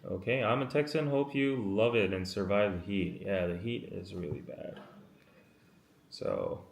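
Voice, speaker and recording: A man in his thirties chats his way through a live stream, rambling and apologetic as he reads viewer comments aloud. His voice sits a little low and moves at an unhurried, drawn-out pace, and he sounds worn out after a day in the sun. The sound is roomy, with clear echo from the makeshift space he is in. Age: 30s. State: tired from a day in the heat. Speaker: live-stream podcast host. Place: makeshift room away from his usual setup. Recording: roomy, echoey room sound.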